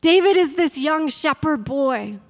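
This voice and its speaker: A woman's voice: sits high, expressive, a little slow. A woman preaching a sermon, telling a Bible story and acting out its voices, building to fiery challenges. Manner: storytelling, acts out quotes, rises to fiery challenges. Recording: long hall reverb.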